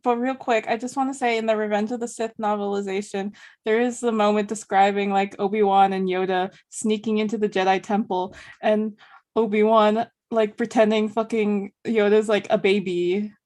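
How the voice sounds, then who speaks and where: A woman's voice: medium pitch, fairly even intonation, moderate pace, a little mellow. A woman co-hosting a podcast in casual chat who is chatty, laughs often and fills her speech with filler words. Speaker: podcast co-host.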